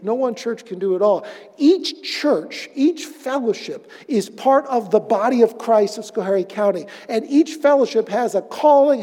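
A man preaching a sermon as pastor, moving from loud emphatic phrases down to hushed, almost whispered words. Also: sits high, long reverb tail. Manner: swings between loud emphatic lines and hushed near-whispers.

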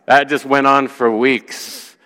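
A man's voice: mid-range voice, takes it slowly, in a large hall. A pastor, a man, telling a story from the pulpit, acting out the voices of the people in it. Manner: animated storyteller who acts out quoted voices. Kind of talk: sermon storytelling.

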